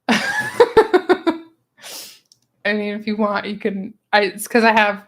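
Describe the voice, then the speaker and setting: A woman hosting a casual book club livestream, chatty and expressive, who laughs often, talking into a small clip-on mic. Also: mid-range voice, normal speed. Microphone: small clip-on microphone.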